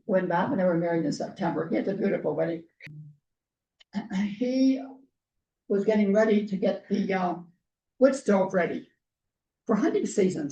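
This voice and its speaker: A woman speaking earnestly to a gathered group, her mellow voice worn thin as she loses it and keeps clearing her throat. She sounds set back from the mic in a roomy hall, and the recording is dull and lo-fi. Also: medium pitch, distant mic. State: losing her voice. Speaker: guest speaker. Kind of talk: personal storytelling talk.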